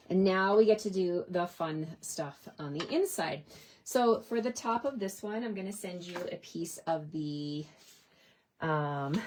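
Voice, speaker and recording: A woman giving a chatty, enthusiastic card-making tutorial, talking her viewers through each step. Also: on the low side. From Canada. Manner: chatty and enthusiastic, addressing viewers as you guys. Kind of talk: crafting tutorial.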